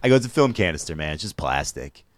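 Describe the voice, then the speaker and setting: A man's voice: a bass voice, fast talker, dry recording. A man casually telling a story, laughing often and acting out the quotes. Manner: laughing, animated, acts out quotes.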